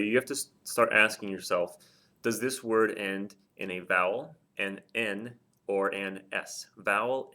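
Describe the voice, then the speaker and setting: A young man teaching at a board in a casual, explanatory way, often pausing with ums and repeating example words slowly. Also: on the low side, bright, forceful tone. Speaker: Spanish teacher. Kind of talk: classroom-style explanation at a board.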